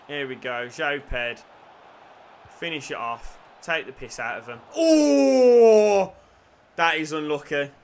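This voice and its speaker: A young man commentating on his football video game, muttering one moment and yelling the next. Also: mid-range voice, normal speed. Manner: swings from hushed muttering to yelling celebrations. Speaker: gaming YouTuber. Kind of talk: excited gameplay commentary.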